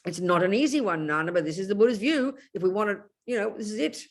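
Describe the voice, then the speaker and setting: A woman's voice: mid-range voice, animated, fast. A woman, a Buddhist nun, giving an emphatic Dharma teaching over a video call and calling her listeners darling.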